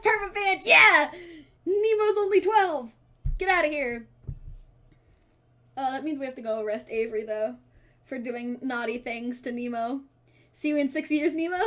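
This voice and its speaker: Young woman streamer, high voice, swears a lot, jokey casual chat, loud laughs. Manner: profane and joking, bursts into loud laughter. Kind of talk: casual live-stream chat while gaming.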